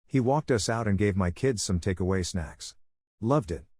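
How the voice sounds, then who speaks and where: A man narrating a personal story in a flat, steady retelling. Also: fairly low pitch, moderate pace, husky, no room sound. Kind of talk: reading a story.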